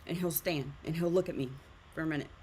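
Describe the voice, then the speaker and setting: A woman's voice: sits low, quick pace, darkish tone, slight background noise. A woman hosting a live art stream, chatting casually while teaching drawing and often laughing at herself.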